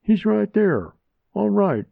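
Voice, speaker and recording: A man's voice: high-pitched, big pitch swings, takes it slowly, vocal fry, no echo, pitched above the performer's own voice, exaggerated voice. A man voicing a chatty, amused older man in a storybook reading. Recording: narrow phone-like sound, dry.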